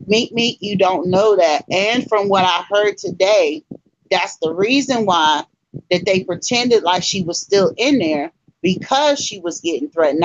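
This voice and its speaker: A live-stream host talks straight to the viewers in a chatty, emphatic way, at a middle pitch. The sound is dull and lo-fi. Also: slight background noise. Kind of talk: casual commentary to a live audience.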